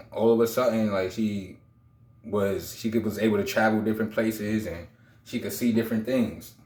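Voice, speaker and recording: A man's voice: lowish voice, darkish tone. A man in his thirties telling a personal story in a casual, rambling vlog, repeating himself and using street slang. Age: 30s. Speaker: vlogger. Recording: roomy echo.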